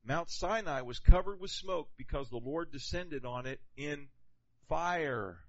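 A man delivers a sermon as a pastor, animated and conversational, putting questions to the congregation. His voice sits a bit high. The recording sounds dull and lo-fi. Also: a little slow.

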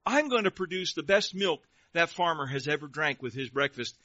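A man's voice: a little high, expressive, moderate pace, bright, forceful tone, no room sound. A preacher voicing a grateful female farm cow in a told fable, gushing about the farmer. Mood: proud. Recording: dull lo-fi recording.

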